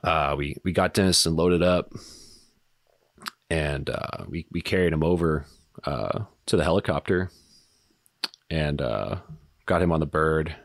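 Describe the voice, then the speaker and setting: Very deep-voiced man, halting and dry. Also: vocal fry, no echo. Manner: halting, with many fillers and frequent swearing. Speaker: podcast guest, retired soldier. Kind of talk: casual conversational storytelling.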